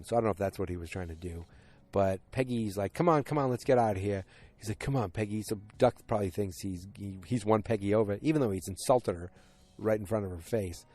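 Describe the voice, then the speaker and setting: A man's voice: fairly low pitch, warm tone. A man hosting a podcast, casually recapping a TV episode in a rambling way, correcting himself often. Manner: rambling, self-correcting, many fillers. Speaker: podcast host.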